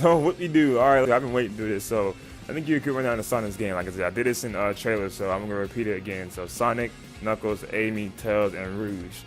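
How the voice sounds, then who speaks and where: A man casually reviewing a show for his channel, rambling and excited, full of slang and fillers. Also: on the low side. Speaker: YouTube reviewer.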